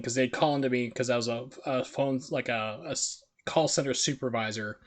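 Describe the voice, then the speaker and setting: A man's voice: mid-range voice, fairly even intonation, normal speed, hardly any pauses. A man from the United States streaming a game, chatting in a rambling, filler-heavy way. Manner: rambling, filler-heavy chat with put-on voices. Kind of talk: casual gameplay commentary.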